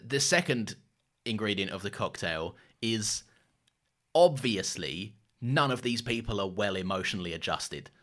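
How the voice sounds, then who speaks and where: A man co-hosting a casual podcast about a film, talking with animated energy, laughing often and swearing freely. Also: lowish voice, a little slow. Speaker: podcast co-host.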